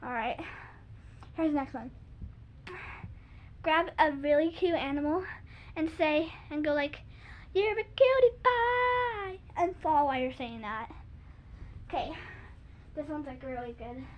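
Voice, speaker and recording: A young girl with a very high voice chats loosely to her viewers, stuffing her sentences with "like" and slipping into silly sung snippets. The recording is dull and lo-fi, as if made at home. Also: a little slow, pauses often. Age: child. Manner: chatty, giggly, lots of "like", sings silly bits. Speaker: kids' video host. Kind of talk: casual chat showing jump tricks.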